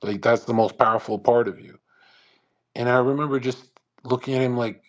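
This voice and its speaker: A brash man hosting a live audio chat, talking fast and profanely and mocking others with put-on voices. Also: mid-range voice, steady tone. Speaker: host of a live audio space.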